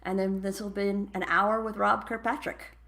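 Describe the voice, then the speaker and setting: A woman hosting a live podcast interview through a headset, upbeat and asking quick questions. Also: medium pitch, flat delivery, a bit bright. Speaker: podcast host.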